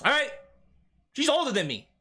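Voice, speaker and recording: A man's voice: very high-pitched, huge pitch swings, normal speed, pushed and bright. A young man streaming, giving blunt, rambling reaction commentary full of fillers and restarts.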